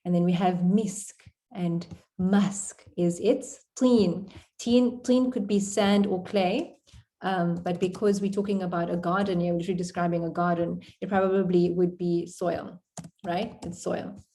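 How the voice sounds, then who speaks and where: A woman's voice: fairly low pitch, fairly even intonation, a little slow, warm tone, slight background noise. A woman teaching an Arabic poem to a class on a video call, explaining it word by word in a chatty way. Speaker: Arabic tutor. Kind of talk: online class.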